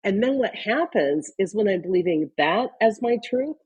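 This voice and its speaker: A woman guest on a podcast interview who talks in animated, example-driven stories. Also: medium pitch, normal speed, slightly rough. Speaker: guest, leadership consultant.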